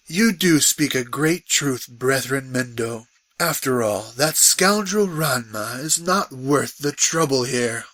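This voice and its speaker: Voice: medium pitch, lively intonation, takes it slowly, fairly bright tone, a little hiss or hum. Someone playing a pompous teenage fencer. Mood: haughty. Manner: grandiose, theatrical challenges. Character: pompous young male high school fencer. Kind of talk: fan radio play acting.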